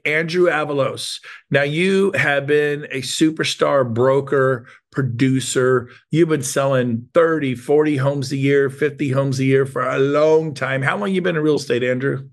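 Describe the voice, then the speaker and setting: A man in his fifties hosts a sales meeting with an emphatic, emotional motivational style, heaping praise on his guests. His voice carries a gravelly edge, sitting at a middle pitch. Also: fairly even intonation, normal speed, hardly any pauses. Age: 50s. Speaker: host of a real estate sales meeting. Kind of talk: motivational talk.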